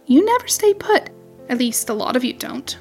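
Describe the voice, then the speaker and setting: An eager, cheeky young rabbit teases a friend in a storybook reading, as a woman acts him out. His voice is fairly high and playful. Soft music runs behind. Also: big pitch swings, normal speed. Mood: teasing. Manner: eager and teasing.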